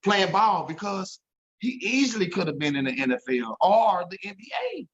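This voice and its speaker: A man's voice: high-pitched, expressive, normal speed, a bit bright, muffled recording. A man telling an emotional story as an interview guest, earnest and repeating himself when moved.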